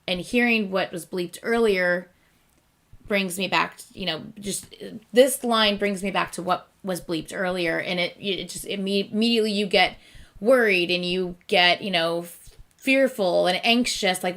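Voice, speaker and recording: A woman's voice: fairly low pitch, unhurried, fairly bright tone. A woman hosting a reaction video, talking in an earnest, emotional way with lots of restarts and fillers. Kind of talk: casual reaction commentary.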